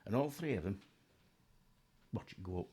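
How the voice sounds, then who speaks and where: A man's voice: fairly low pitch, animated, normal speed, warm tone, slightly rough. A man, a race team mechanic who chats casually and tells jokes. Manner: joke-telling, laughs often. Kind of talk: casual chat.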